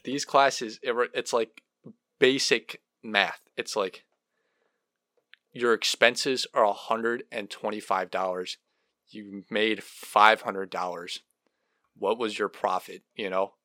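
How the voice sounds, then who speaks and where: A man's voice: lowish voice, steady tone, slow pace, pushed and bright, no echo. A young man co-hosting a podcast in casual chat, making wry, dry remarks. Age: young adult. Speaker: podcast co-host.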